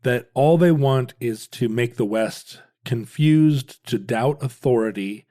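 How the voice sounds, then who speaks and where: A man's voice: mid-range voice, slow, dark tone. A man co-hosting a casual podcast, throwing in dry jokes and musing asides. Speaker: podcast co-host.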